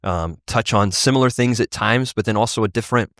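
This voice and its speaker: A man co-hosting a casual podcast, easygoing and quick to laugh, restarting his sentences as he talks. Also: on the low side, fairly bright tone, no room sound, clean studio sound. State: short on sleep. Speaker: podcast co-host. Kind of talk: casual chat.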